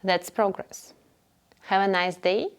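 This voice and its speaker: A woman teaching beginner English, speaking clearly and patiently and repeating phrases for learners to follow. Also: mid-range voice, fairly even intonation, slow pace. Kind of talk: slow instructional narration.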